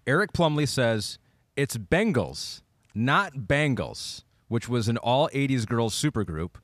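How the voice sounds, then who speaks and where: A man's voice: mid-range voice, expressive, moderate pace, fairly bright tone, no room sound. A man with a Michigan accent hosting a sports podcast, reading listener questions in an easygoing, teasing way. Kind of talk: casual sports podcast chat.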